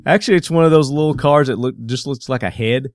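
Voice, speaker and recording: A man's voice: medium pitch, fast talker. A man with a Southern American twang hosting a casual podcast, joking and rambling with plenty of fillers. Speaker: podcast host.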